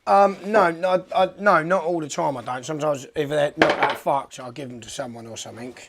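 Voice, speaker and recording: A man's voice: on the high side, a little fast, gravelly, heavy background noise. A young man, a pro skateboarder, telling rambling anecdotes casually and swearing freely. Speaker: professional skateboarder. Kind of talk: casual storytelling interview.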